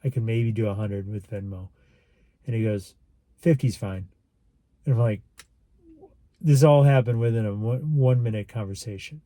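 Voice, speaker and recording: A man's voice: on the low side, normal speed, pauses often, dark tone, no room sound. A man telling a personal story to camera in a casual, rambling, earnest way, acting out what others said. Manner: rambling, earnest, acts out quoted lines. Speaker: vlogger.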